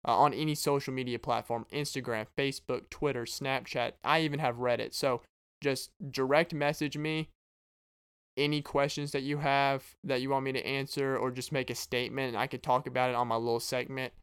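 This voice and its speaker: A man's voice: mid-range voice, steady tone, fairly quick, a bit bright, clean tone. A man hosting his own podcast as a stand-up comedian, rambling and joking straight to his listeners. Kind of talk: casual comedic monologue.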